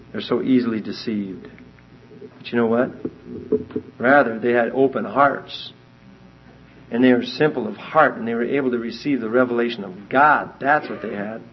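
A man giving a verse-by-verse Bible teaching, emphatic and animated as he reads scripture aloud and explains it. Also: medium pitch, normal speed, long pauses, breathy edge. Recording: dull lo-fi recording.

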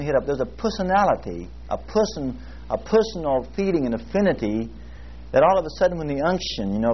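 A man teaching a Bible class, praying and telling a story in an earnest, halting way, with frequent fillers and restarts. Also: medium pitch, husky. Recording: muffled lo-fi recording with faint hiss.

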